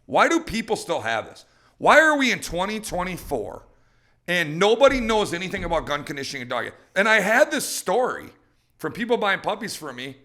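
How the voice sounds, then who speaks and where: A fired-up middle-aged man hosting a dog-training podcast, talking in a bright, tense voice that sits a little high for a man. He swings his pitch widely and slips into quick voices for dogs and people. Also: very animated.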